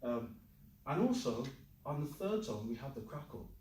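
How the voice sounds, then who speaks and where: A man's voice: medium pitch, big pitch swings, normal speed, warm tone, slight background noise. A man teaching a Chinese class, who leads drills and jokes with his students. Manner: upbeat, jokey, leads the class in chants and repetition. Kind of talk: classroom lesson with call-and-repeat drills. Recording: roomy classroom audio from a distant mic.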